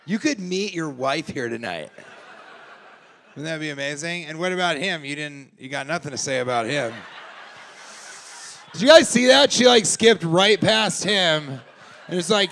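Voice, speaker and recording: A man doing improvised stand-up crowd work, teasing people in the audience, laughing often and shouting out punchlines. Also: fairly high pitch, lively intonation, normal speed, pauses often. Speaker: stand-up comedian. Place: live comedy club.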